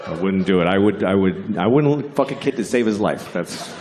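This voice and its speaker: A man doing a stand-up comedy set, telling stories in a deadpan, unhurried way and jumping into high character voices. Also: a little hiss or hum. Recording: live venue with audience laughter.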